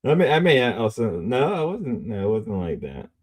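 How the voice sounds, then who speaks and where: A young man streaming casual commentary, rambling and swearing, repeating himself and swinging between mumbling and loud outbursts. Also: medium pitch, wildly swooping pitch, moderate pace.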